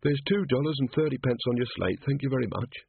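A man voicing a calm, dry-mannered male barman, on a tinny recording. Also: medium pitch, fast talker, creaky, slightly rough, no room sound. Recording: dry, tinny phone-like sound.

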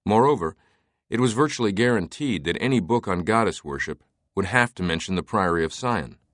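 A man narrating an audiobook in a steady, even tone. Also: fairly low pitch, a little fast, dry recording, clean studio sound. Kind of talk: scripted narration.

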